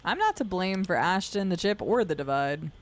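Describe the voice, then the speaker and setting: A woman's voice: fairly low pitch, expressive, moderate pace. Sarcastic woman streamer commenting on a game. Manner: sarcastic, talks back to the game. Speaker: streamer playing a video game. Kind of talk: casual gameplay commentary.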